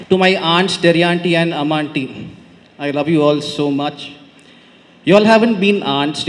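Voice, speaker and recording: A young man with a Konkani Indian English accent giving a heartfelt wedding reply speech at a podium, often adding "right?". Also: a little high. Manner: heartfelt, tag questions "right?". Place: large banquet hall. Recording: long reverb of a large hall.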